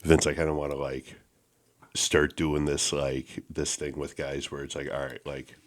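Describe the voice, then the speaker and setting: Very deep-voiced podcast host. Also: male voice, moderate pace, noisy background. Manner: relaxed, loose, casual swearing. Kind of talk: casual chat.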